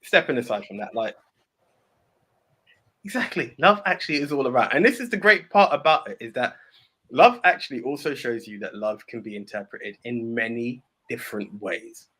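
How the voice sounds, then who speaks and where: A man's voice: mid-range voice, expressive, moderate pace, pushed and bright, slightly rough. A young British man co-hosting a casual movie podcast, rambling and ranting with plenty of swearing. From Britain. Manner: rambling, laughing, swearing rants. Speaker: podcast co-host.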